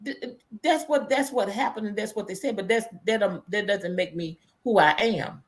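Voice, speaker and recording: A woman's voice: mid-range voice, normal speed. A woman hosting a conversation, speaking reflectively, often restarting and repeating her words. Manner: reads out viewer comments. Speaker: host. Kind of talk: casual conversation.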